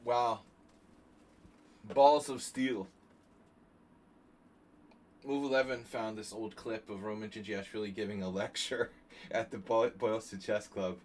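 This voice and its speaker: A man streaming chess, chatting casually and thinking out loud with joking asides to his viewers. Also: fairly low pitch, fairly even intonation, normal speed. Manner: chatty, thinking aloud, jokey asides to chat. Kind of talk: casual live-stream commentary.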